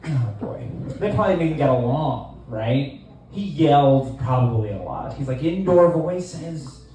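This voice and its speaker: Dark-voiced deadpan comedian in his twenties. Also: medium pitch, normal speed, very echoey, distant mic, slight background noise, poor audio. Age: 20s. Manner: deadpan, rambling with fillers. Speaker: stand-up comedian. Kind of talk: stand-up set. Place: small comedy club.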